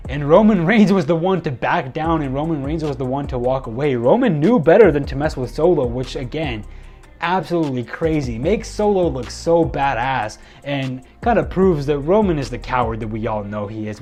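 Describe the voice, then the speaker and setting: A man giving a casual, excitable spoken recap of a wrestling show, rambling and restarting his sentences often. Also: on the high side.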